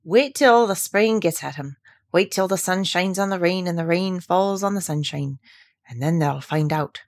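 A woman voicing a grumpy old gardener with a gruff, grumbling manner. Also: on the low side, moderate pace, a little mellow, natural voice.

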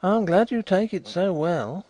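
A man's voice: sits high, measured pace, dark tone, no room sound, pitched above the performer's own voice. A man voicing an earnest, slightly flustered middle-aged ex-solicitor turned detective in an audiobook reading.

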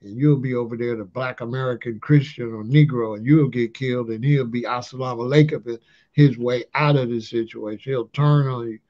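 A man with a medium-pitched voice and fairly even intonation speaks briskly as a talk-channel commentator. His casual rant runs on loose street slang, with "allegedly" and "you know what I'm saying" tagged onto many lines. The audio sounds dull and lo-fi.

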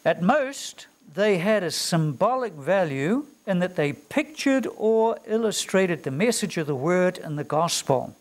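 A man's voice: sits high, very animated, unhurried, few pauses. A man with a New Zealand accent giving a theology lecture to students, emphatic and fond of rhetorical questions. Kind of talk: classroom lecture.

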